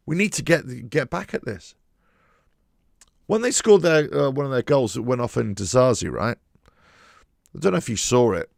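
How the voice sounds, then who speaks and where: A man's voice: on the low side, gravelly, a little mellow, dry recording, clean studio sound. A man hosting his own football channel, giving an emphatic, frustrated solo commentary. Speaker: football fan channel host.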